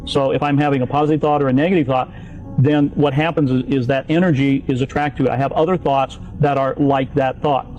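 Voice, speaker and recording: A man's voice: mid-range voice, fairly even intonation, fairly quick, darkish tone, highs cut off. A man explaining an idea step by step with everyday examples, in a clip played on a podcast. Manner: plain teaching tone with everyday examples. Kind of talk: explanatory talk.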